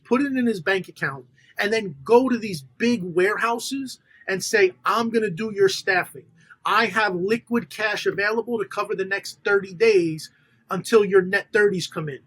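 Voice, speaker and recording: High-voiced New man telling deals. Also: normal speed, breathy edge, no room sound, poor audio. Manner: animated storyteller quoting others in dialogue. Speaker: podcast guest, funder. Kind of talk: casual storytelling interview.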